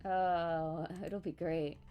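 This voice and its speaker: A tired woman chats on a live stream, rambling in a flat, low-key monotone. Her voice sits low and she drags her words out slowly, with faint music playing behind her. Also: dull audio. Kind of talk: casual live-stream chat.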